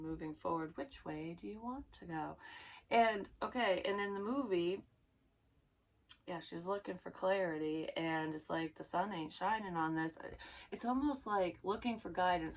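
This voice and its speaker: A woman's voice: fairly low pitch, slight background noise. A woman giving a casual tarot reading, rambling and blunt, swearing freely as she goes. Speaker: psychic tarot reader.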